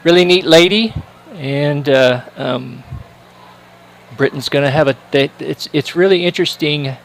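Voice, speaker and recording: A male commentator with a fairly high voice passes the time on a sports livestream with casual chat. He rambles from one thought to the next, and his talk is packed with fillers, restarts and asides. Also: creaky, a bit bright, a little hiss or hum, poor audio.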